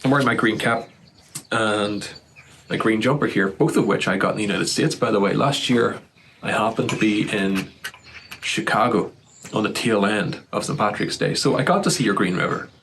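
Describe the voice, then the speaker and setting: An Irish man musing earnestly in a casual monologue, recorded outdoors in the morning with loud birdsong behind him. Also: lowish voice, normal speed, gravelly, slight background noise, poor audio. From Ireland. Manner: thoughtful, earnest, building to heated. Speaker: vlogger.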